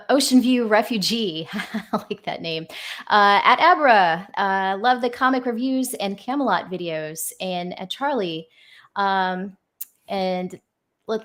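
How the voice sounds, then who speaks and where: A woman co-hosting a casual chat, easygoing and quick to laugh as she reads out viewer comments. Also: medium pitch, a bit bright. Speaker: co-host.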